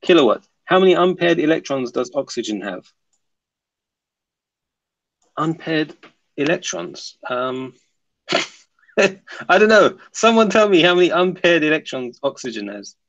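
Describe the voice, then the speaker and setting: A man's voice: a little high, big pitch swings, moderate pace, fairly bright tone, highs cut off. A man hosting a casual live stream, reading viewer comments aloud and answering them, often laughing. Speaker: livestream host reading chat.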